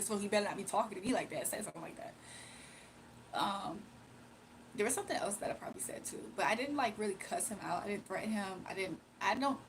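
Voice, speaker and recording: A woman's voice: medium pitch, a little hiss or hum, rough recording. A tired young woman casually telling a rambling personal story on her livestream. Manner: rambling, slangy, confiding. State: sleepy and tired. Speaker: livestream host.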